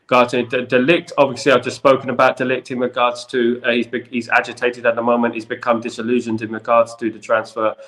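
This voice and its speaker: A man with a London accent talks through football news on a live stream, replying to his viewers as they comment. He speaks at an ordinary, middle pitch and loops back over the same phrases again and again. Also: completely flat delivery, quick pace, few pauses, fairly bright tone. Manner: repetitive, chatty, keeps saying "in regards to". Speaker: football channel host.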